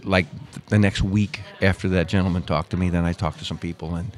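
A man's voice: low-pitched, steady tone, a little fast. An older man from Missouri, a former pro soccer player, telling long rambling stories in a casual interview. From Missouri, USA. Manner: rambling, with many restarts and quoted dialogue.

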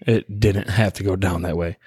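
A man's voice: low voice, fairly even intonation, normal speed, darkish tone, husky, no room sound. Laid-back rambling male podcaster, stoned. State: high on cannabis. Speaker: podcast host. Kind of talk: casual solo podcast chat. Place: his own room.

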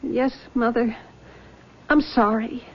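Shaken young woman, high voice, tense and accusing, old muffled radio drama. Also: fairly even intonation, slow pace, background noise. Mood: distraught. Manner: tense, accusing, breaking into sobs. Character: distraught young woman haunted by her lost love. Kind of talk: 1970s radio drama acting. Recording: dull lo-fi old radio recording.

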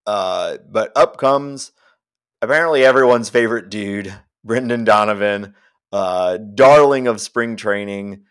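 A man's voice: on the low side, measured pace, fairly bright tone, clean tone. Laid-back man, casual sports podcast chat. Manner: laughs easily, loose and joking. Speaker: podcast co-host.

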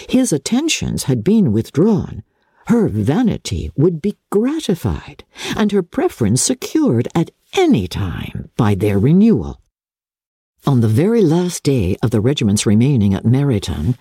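A woman's voice: extremely low pitch, husky, dry recording, studio quality. A woman giving a dramatic, theatrical reading of a classic novel as narrator. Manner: expressive, theatrical storytelling.

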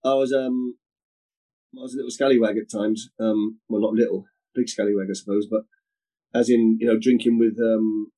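A middle-aged man, a former footballer, telling lively anecdotes as a guest, often repeating words and slipping into quoted voices. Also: lowish voice, moderate pace, rough recording. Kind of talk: storytelling anecdotes in conversation.

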